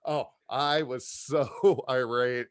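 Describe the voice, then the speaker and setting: A man sits in as a podcast guest and tells rambling, profane stories with plenty of energy. His voice is middle-pitched. The sound is very dry and close, with no room in it. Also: slow pace, no room sound. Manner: profane, animated storyteller. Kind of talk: casual storytelling chat.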